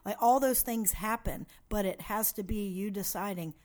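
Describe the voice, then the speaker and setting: A woman's voice: mid-range voice, moderate pace, a little mellow. A woman who leads a women's ministry, talking in an upbeat, encouraging and lightly teasing way in a casual chat.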